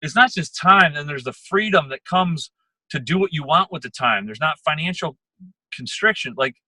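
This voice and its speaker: Man, motivational team talk, emphatic and repetitive, bright sharp tone, slightly husky. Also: fairly high pitch, expressive, dry recording, poor audio. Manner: fast, emphatic, repeats words, coaching tone. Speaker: sales manager giving a team call. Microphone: phone or computer call.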